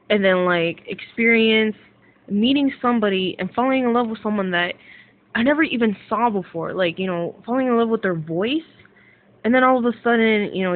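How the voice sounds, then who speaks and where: A young woman ranting casually to camera as a vlogger, rambling with lots of fillers and swearing excitedly. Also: mid-range voice. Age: young adult. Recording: tinny phone-like sound.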